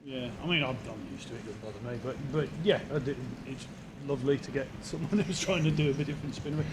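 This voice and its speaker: A man talking casually as a musician guest in an outdoor interview, thoughtful and dryly funny, with halting restarts, into a handheld mic. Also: medium pitch. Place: outdoors in the cold. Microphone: handheld microphone. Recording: outdoor street noise.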